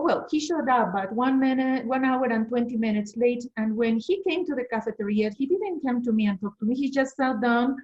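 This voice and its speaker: A middle-aged woman from Bolivia with a Bolivian Spanish accent, a teacher trainer telling personal stories in a lively way and acting out quotes. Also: on the high side, highs cut off. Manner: animated, storytelling with acted quotes and repetitions. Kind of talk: storytelling talk at an online meeting.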